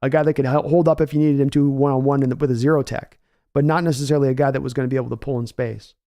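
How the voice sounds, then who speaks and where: A man's voice: medium pitch, steady tone, racing, dark tone. A man hosting a casual live-stream sports show, reading viewer comments aloud and answering them in a conversational, folksy way. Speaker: podcast host reading chat.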